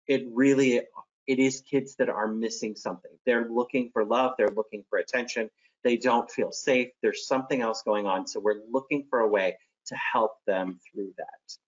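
A man's voice: mid-range voice, fairly even intonation, normal speed, dull audio. A man who is a teacher presents classroom strategies in a friendly, practical way and demonstrates examples by acting them out.

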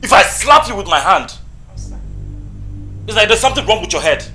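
A man acting in a film as a broke man who shouts and scolds, his voice rising and falling. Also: high voice, sing-song, fairly quick, heavily acted. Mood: angry. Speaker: deceived partner, broke son. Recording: echoey room with background music.

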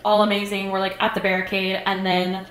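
A woman's voice: mid-range voice, a little fast, reverberant. Chatty young woman telling a story. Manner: animated storytelling, acts out quotes, many fillers. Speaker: podcast co-host. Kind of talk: casual chat.

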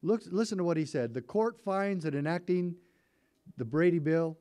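A former sheriff giving a talk, telling a story in a folksy, conversational way and acting out the dialogue with rising excitement. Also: male voice, on the high side, moderate pace. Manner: animated, acts out quoted dialogue with rising excitement. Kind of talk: storytelling speech to an audience.

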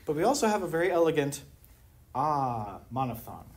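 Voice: medium pitch, very animated, normal speed, darkish tone. Wry lecturer. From Pittsburgh, USA. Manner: wry, humorous, rhetorical questions. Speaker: anthropology lecturer. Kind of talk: academic colloquium talk. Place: university lecture room.

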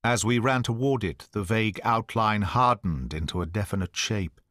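A man narrating an audiobook in a measured, dramatic storytelling manner. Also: lowish voice, fairly bright tone, dry recording, studio quality.

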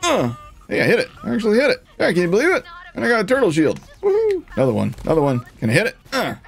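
A man giving casual, jokey commentary over his own gameplay, laughing often and getting excitable. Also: high voice, brisk, creaky. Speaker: gaming streamer.

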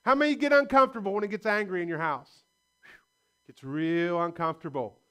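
Bright, high-voiced pastor preaching. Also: male voice, brisk, clear, resonant tone. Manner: folksy, storytelling with laughs. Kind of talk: sermon. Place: church sanctuary.

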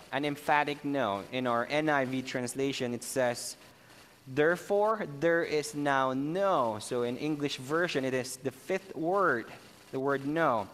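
A man preaching a sermon as pastor, slow and emphatic, stressing key words. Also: medium pitch, fairly even intonation, fairly bright tone. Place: church sanctuary. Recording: church hall reverb, faint ambience.

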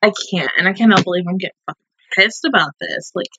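A woman's voice: on the low side, fast talker, pushed and bright, breathy edge, no room sound, poor audio. A woman hosting an anime reaction video, ranting at the screen with plenty of swearing and exasperated outbursts. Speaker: anime reaction channel host.

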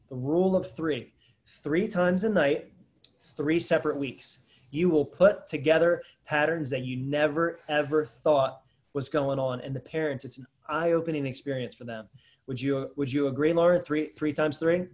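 A man's voice: on the high side, moderate pace, a little mellow. A man, a dentist, hosting a casual webinar Q&A, talking energetically and rambling straight to viewers.

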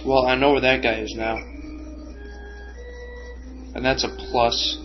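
A man's voice: mid-range voice, flat delivery, takes it slowly. A young man giving casual commentary as he plays a video game, frustrated and cursing at the enemies on screen. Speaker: let's play gamer. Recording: dull lo-fi recording. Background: game music.

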